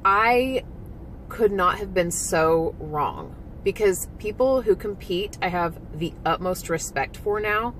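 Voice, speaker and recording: A woman's voice: medium pitch, lively intonation, takes it slowly, fairly bright tone, slight background noise, low-quality recording. A woman vlogging candidly about competing, emotional and frank, swearing now and then and leaning on lots of "like" fillers. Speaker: vlogger and former physique competitor. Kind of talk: candid personal vlog.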